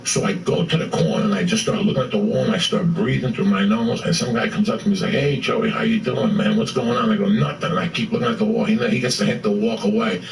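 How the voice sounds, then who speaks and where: A man telling a story with profane, excitable energy, acting out what people said. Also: on the low side, fast talker, gravelly, hardly any pauses, a little hiss or hum. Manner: profane, excitable, acts out quotes. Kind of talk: animated storytelling. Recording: roomy echo from a distant mic.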